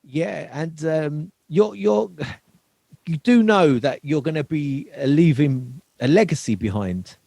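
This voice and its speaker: A man's voice: a little high, expressive, slow pace, vocal fry, warm tone, no room sound. A man hosting a podcast, asking supportive questions with some hesitation. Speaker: podcast host. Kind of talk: casual interview chat.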